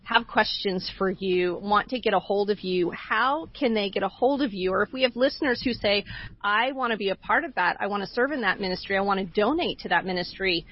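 Woman hosting an interview. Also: mid-range voice. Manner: measured interviewer asking follow-up questions. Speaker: host. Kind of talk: radio interview. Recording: dull lo-fi audio.

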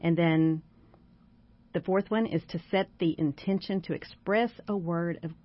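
A woman's voice: on the low side, fairly even intonation, measured pace. A woman guest life coach giving encouraging, step-by-step advice on gratitude in a casual talk. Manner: warm, encouraging, lists steps. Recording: dry dull lo-fi sound.

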